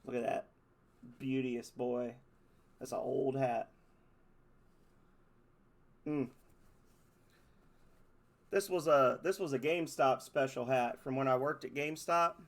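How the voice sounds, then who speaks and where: A man streaming a video game live, chatting excitedly with viewers and laughing often. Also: mid-range voice, takes it slowly, long pauses. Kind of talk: live-stream gaming commentary. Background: video game music.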